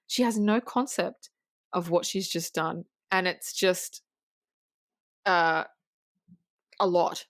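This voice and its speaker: A woman co-hosting a podcast, casually recapping a film scene in an animated, swear-laden way with lots of restarts. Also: on the low side, takes it slowly, pauses often, no echo. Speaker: podcast co-host.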